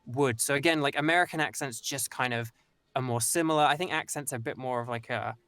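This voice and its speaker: A young man from the north of England talks in a loose, meandering way, circling back with restarts and fillers. His voice sits at a middle pitch. The sound is dry, with no room around it. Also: fast talker, pushed and bright, no echo. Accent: Northern English. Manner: rambling, many restarts and "like". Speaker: voice actor guest. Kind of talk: casual conversation.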